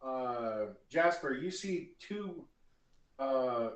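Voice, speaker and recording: A man running a tabletop game as game master, narrating with halting fillers. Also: medium pitch, expressive, far from the mic. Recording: echoey room, voice from off-mic.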